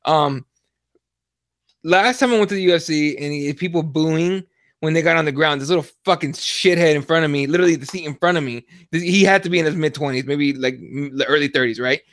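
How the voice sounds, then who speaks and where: A young adult man co-hosting a combat sports podcast, telling animated, profane stories in casual chat. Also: a little high, fairly quick, no echo, clean studio sound. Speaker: podcast co-host.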